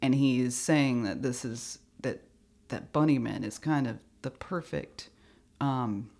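A woman co-hosting a podcast speaks at an unhurried pace in loose, casual chat. She laughs easily and leans into quoted passages with relish. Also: a bass voice, darkish tone. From United States. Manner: chatty, laughs often, reads quotes aloud with emphasis. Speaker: podcast co-host.

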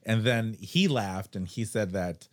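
A man hosting a podcast, chatting casually and telling halting, rambling stories. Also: lowish voice, dry recording. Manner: rambling, halting storyteller with restarts. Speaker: podcast host. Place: Seattle.

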